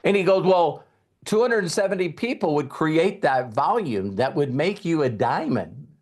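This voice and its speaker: A man's voice: a little high, expressive, measured pace, a little mellow. A man speaking as a motivational speaker, retelling a past conversation to an audience in a conversational way with emphasis. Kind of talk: storytelling speech to an audience.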